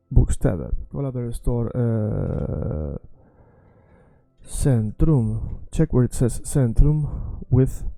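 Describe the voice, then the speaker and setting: Gravelly Swedish-accented man teaching language. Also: mid-range voice, dark tone, no echo. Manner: patient, repeats words slowly to drill pronunciation. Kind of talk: language lesson.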